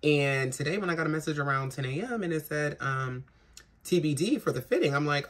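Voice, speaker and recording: A woman's voice: sits low, expressive, fast. A trans woman vlogging at home, worn out after crying, talking frankly and rambling with plenty of swearing. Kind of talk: casual vlog chat to camera. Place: home in a big city. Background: faint city noise.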